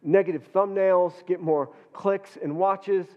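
A man's voice: high voice, steady tone, a little slow. A male pastor preaching a sermon, earnest, often repeating words as he builds his point. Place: church hall. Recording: dull reverberant church hall.

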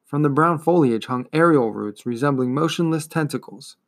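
A man reading a fantasy novel aloud in a measured, expressive storytelling manner. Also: on the high side. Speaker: reader.

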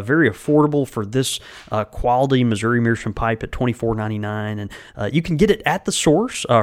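A man co-hosting a podcast in casual chat, rambling and full of filler words. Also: mid-range voice. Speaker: podcast co-host.

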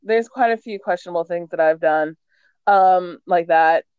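Young woman, podcast co-host, loud and blunt, quick to laugh, dry and muffled recording. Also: lowish voice, clean tone, no echo. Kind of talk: casual chat. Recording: dry, dull lo-fi sound.

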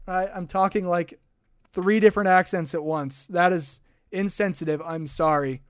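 Young male sports podcaster, high voice, dry close mic, chatty and rambling. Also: fairly even intonation, brisk, clear, resonant tone, no room sound. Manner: rambling, chatty, thanks viewers. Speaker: podcast host. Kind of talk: casual sports podcast livestream. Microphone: desk microphone.

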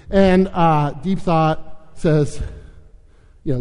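A pastor talking casually and chattily in a slightly higher voice, trailing off into fillers as he retells a story. His voice carries through a large sanctuary with a long reverb. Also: steady tone, normal speed, a little mellow. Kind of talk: sermon with storytelling.

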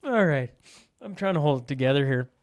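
A man's voice: fairly high pitch, animated, brisk. A man hosting a casual comedy chat show, joking, laughing often and stumbling over his words. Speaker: podcast host.

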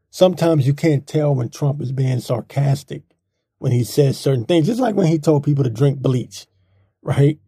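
Man, blunt opinion monologue, very dark husky gravelly voice, dry close sound. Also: medium pitch, no echo. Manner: blunt, rambling, mocking. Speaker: political commentator.

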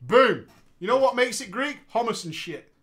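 On a casual podcast, a co-host with a very high voice reads a gaming story aloud at normal speed. He jokes around playfully, laughs a lot, and speaks expressively.

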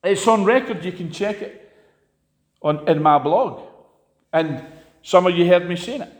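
A man preaching a sermon, impassioned, swinging sharply between loud and quiet. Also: a little slow. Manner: impassioned, rises and drops sharply in pitch and volume. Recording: long hall reverb.

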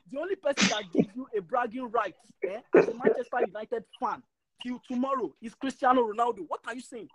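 A man's voice: very high voice, a little fast, fairly bright tone, rough recording. A man, ranting passionately in a casual podcast chat and stumbling over repeated words when worked up. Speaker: podcast co-host.

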